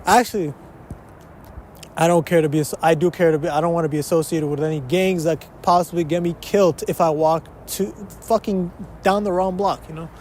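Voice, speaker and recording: Steady in tone yet brisk, this young man's voice sits on the high side and sounds a little mellow, with slight background noise. As a podcast host chatting alone uptown in a big city, he rambles, self-interrupts, swears, and mixes Spanish into his English.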